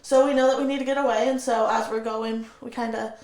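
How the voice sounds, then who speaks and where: Gravelly-voiced woman in a roomy space. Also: a little high, fast. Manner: steady, vivid recounting with quoted dialogue. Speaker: interview guest. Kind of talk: personal storytelling in an interview.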